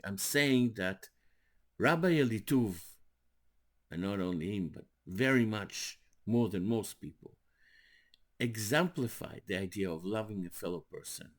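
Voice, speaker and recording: An older man, a rabbi, telling stories in a sermon with animated, rising emphasis. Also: lowish voice. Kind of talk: storytelling sermon.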